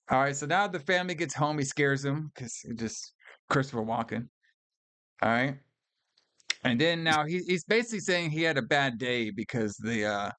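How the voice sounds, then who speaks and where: A man's voice: mid-range voice, animated, normal speed, a bit bright, dry recording. A man co-hosting a casual film review podcast, talking loosely with plenty of swearing and laughter. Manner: loose, profane, laughs often, fond of "all right" and "brother". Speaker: podcast co-host.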